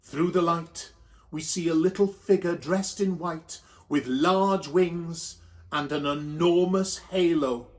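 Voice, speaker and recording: A man's voice: on the high side, slow. A man with a Welsh accent telling a comic story in a camp, theatrical way.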